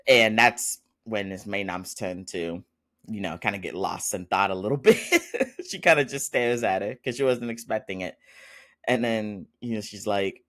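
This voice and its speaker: A podcast host with a deep voice and a fairly bright tone recaps a drama episode at a measured pace. He keeps it loose and chatty, rambling along with lots of fillers and small laughs.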